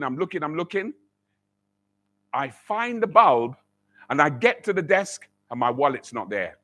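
A man preaches to his church, his voice sitting high in his range. He tells a personal story and acts out the voices in it, repeating words as he builds his point. The tone is bright and forceful. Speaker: pastor. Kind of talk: sermon.

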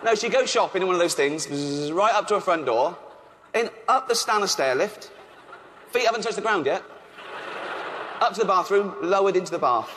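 A man from England doing a deadpan, offhand stand-up routine on stage at a charity event. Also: high-pitched, normal speed, long pauses, big-room sound. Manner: deadpan, offhand, with frequent ums and chuckles. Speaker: stand-up comedian. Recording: noisy live venue.

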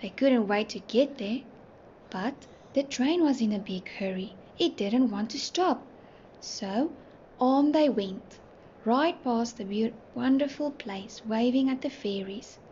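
A woman teacher reading a storybook aloud to toddlers, gentle and clear. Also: a little high. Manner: gentle, slow, clearly sounding out words. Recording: muffled, faint hiss.

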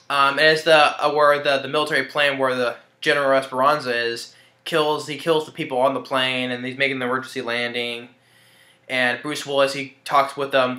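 A man's voice: mid-range voice, sharp tone. A man casually recapping a film in a rambling, hesitant way, with frequent restarts and chuckles. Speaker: movie reviewer. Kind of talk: casual spoken movie review. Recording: roomy echo.

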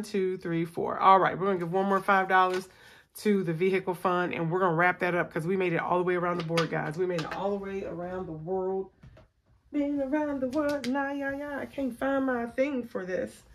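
A woman's voice: mid-range voice, moderate pace, noisy background. A tired woman hosting a budgeting video, chatting casually with viewers and counting aloud as she plays a savings game at home. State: tired after a long workday. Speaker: budgeting channel host. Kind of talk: casual chat while playing a savings game.

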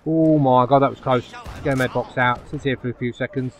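A man giving live commentary over his own online shooter match, dropping to low muttering and then yelping loudly when the action heats up. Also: brisk, a little hiss or hum. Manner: excitable, swings from low muttering to loud yelps. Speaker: gaming YouTuber.

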